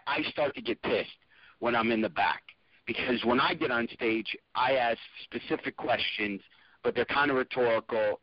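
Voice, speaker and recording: A man's voice: mid-range voice, no room sound, lo-fi sound. A man, a stand-up comedian, talking casually on a podcast, rambling with many restarts.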